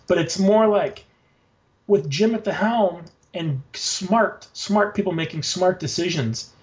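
A man talking casually and excitedly in an interview, rambling with many fillers and frequent swearing. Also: high voice, takes it slowly, lo-fi sound. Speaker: guest, designer and notebook maker.

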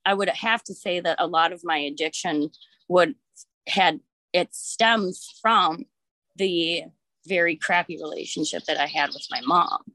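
A woman's voice: lowish voice, measured pace, bright, forceful tone, no room sound. A woman in her thirties telling a personal story in casual chat, rambling with lots of filler words and frank swearing.

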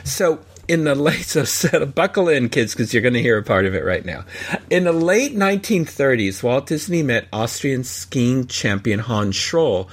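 Husky guy podcast host, bouncy up and down voice, reading off trivia. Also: normal speed. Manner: chatty, reads credits and trivia, lively pitch. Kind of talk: casual chat and cartoon history rundown.

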